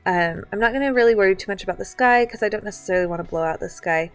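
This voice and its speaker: Chatty woman teaching a software class. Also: mid-range voice, racing, faint music behind. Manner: chatty, filler-heavy, explains step by step. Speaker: photography instructor. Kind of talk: casual screen-share tutorial. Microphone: computer mic on a live online class.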